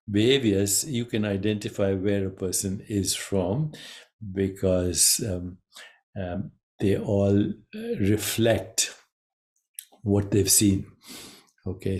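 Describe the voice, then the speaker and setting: Deep-voiced man, slow reflective talk. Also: a little mellow. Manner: measured, unhurried, pauses between phrases. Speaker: spiritual teacher.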